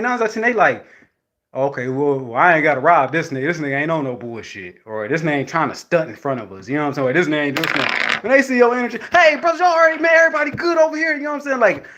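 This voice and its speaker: High, bright-voiced man telling a story. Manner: animated, swearing, slang-heavy, frequent "you know what I'm saying". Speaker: vlogger addressing viewers. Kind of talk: casual storytelling monologue.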